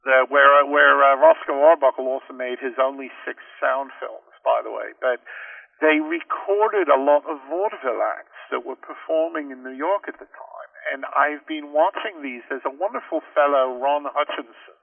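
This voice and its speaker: A man's voice: medium pitch, normal speed, creaky, no echo, far from the mic, narrow, tinny audio. A man giving a rambling, casual radio interview over the phone, restarting often as he talks about reviewing films. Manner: rambling, frequent restarts and fillers. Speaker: interview guest, film reviewer.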